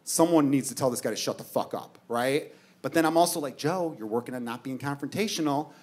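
A man's voice: mid-range voice, a little fast, darkish tone. A male stand-up comedian from the United States telling a profane story on stage, with asides to the audience. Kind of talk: stand-up routine.

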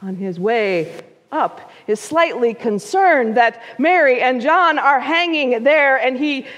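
Woman pastor, storytelling sermon, high voice, slow unhurried delivery, long church reverb. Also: expressive, fairly bright tone. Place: church sanctuary.

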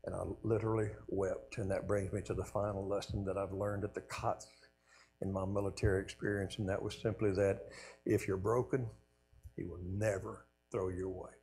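Man, low voice, sermon testimony, earnest, faint hum behind. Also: little pitch movement, moderate pace. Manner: earnest storytelling, trailing off softly at key lines. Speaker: guest speaker.

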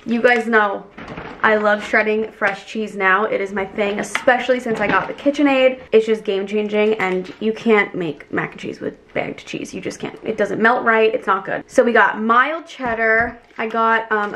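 A woman vlogging in a casual, chatty way, bubbly and easily excited as she talks through her shopping and cooking. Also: medium pitch, moderate pace, slight background noise. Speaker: lifestyle vlogger. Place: shops, car and home kitchen. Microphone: camera mic, handheld then tripod.

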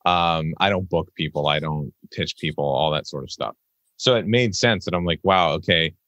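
A man in his thirties hosting a podcast conversation, telling his story with lively acted-out asides. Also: a bass voice, moderate pace, no room sound. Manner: animated storytelling, acts out his own past remarks. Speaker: podcast production host. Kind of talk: casual interview conversation.

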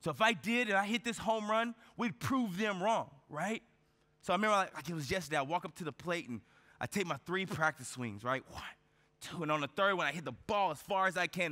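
Male keynote speaker, high bright voice, storytelling style, lots of rhetorical questions. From United States. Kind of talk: motivational keynote speech. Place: large event hall on stage. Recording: reverberant conference hall.

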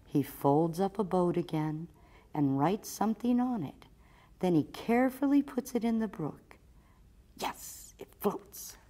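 A woman's voice: fairly low pitch, moderate pace, mellow. A woman children's librarian reading a picture book aloud expressively for storytime.

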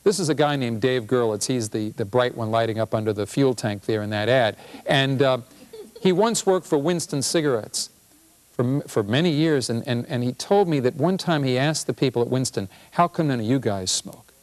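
A man, a physician and professor, giving a humorous public health talk with an animated, punchy delivery. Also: mid-range voice, normal speed.

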